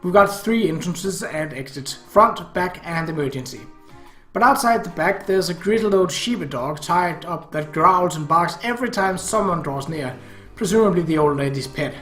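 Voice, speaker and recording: A man reads visual novel narration in the first person with dry, wry humor. His voice sits high and bright. The room is echoey and faint music plays underneath. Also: animated, normal speed. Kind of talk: amateur visual novel reading.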